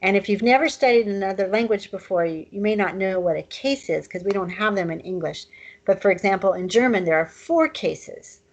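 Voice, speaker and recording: A woman's voice: mid-range voice, brisk, lo-fi sound. A woman teaching a recorded online language lesson in a casual, chatty way, with fillers and asides.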